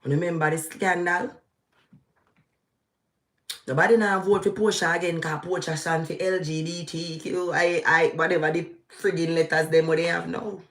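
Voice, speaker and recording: A middle-aged Jamaican woman with a Jamaican accent, giving heated live political commentary that swings between slow, emphatic outbursts and quick asides in patois. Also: lowish voice, reverberant. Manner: animated, ranting, shifting into patois. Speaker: vlogger.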